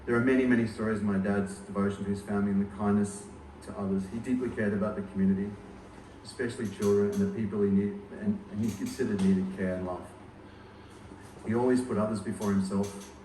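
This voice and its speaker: Man, 40s, low voice, funeral eulogy, humorous storytelling, echoey hall, distant mic. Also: steady tone, fast talker, warm tone, a little hiss or hum. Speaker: eulogist, eldest son.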